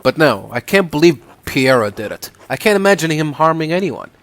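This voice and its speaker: A man doing a lively young artist. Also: a little high, brisk. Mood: earnest. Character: young male artist, polite and thoughtful. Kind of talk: let's-play character voicing.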